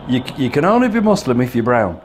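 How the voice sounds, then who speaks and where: A man's voice: medium pitch, sing-song, fast talker, slight background noise. A man co-hosting a podcast in casual chat, mostly agreeing with short replies and adding to the stories. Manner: supportive, backs the other host with short replies. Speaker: podcast co-host.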